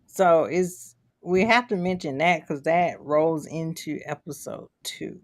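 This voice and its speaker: Laid-back woman cohost, lowish voice, dry close sound. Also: measured pace, few pauses, no echo. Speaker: podcast co-host. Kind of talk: casual chat.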